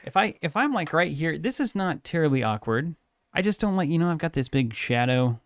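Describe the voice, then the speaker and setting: A man's voice: on the high side, lively intonation, brisk, no echo. A man co-hosting a card game live stream, joking and teasing in casual banter on a studio broadcast mic. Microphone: studio broadcast microphone on a boom.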